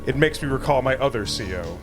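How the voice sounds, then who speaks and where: A man's voice: medium pitch, expressive, fast talker. A man co-hosting a let's play, casually explaining the game's history and mechanics to a friend. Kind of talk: casual gaming commentary. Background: game music.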